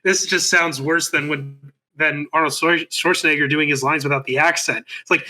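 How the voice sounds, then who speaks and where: A man's voice: a little high, fairly even intonation, normal speed, hardly any pauses, sharp tone. A man co-hosting a podcast, chatty in casual talk and laughing easily. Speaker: podcast co-host. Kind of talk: casual chat.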